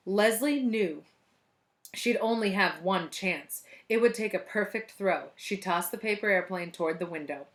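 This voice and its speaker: A woman's voice: mid-range voice, unhurried. A woman reading a children's book aloud expressively, now and then speaking to young listeners.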